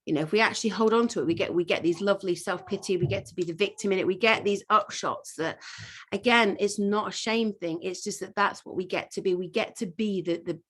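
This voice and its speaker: A woman coaching a class in a loose, unscripted way, with her voice at a middling pitch. She circles her points with ums and restarts, earnest and blunt, and is not shy of a swear word. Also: fairly quick, fairly bright tone. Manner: rambling and earnest, with frequent fillers, restarts and casual swearing. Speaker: life coach. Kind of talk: informal masterclass talk.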